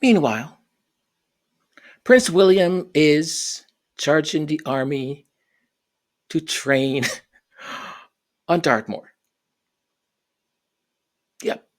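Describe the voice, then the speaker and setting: A woman's voice: low-pitched, very slow, long pauses. A woman giving an opinionated commentary rant, scornful and emphatic, repeating and tripping over her words. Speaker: royal commentary vlogger.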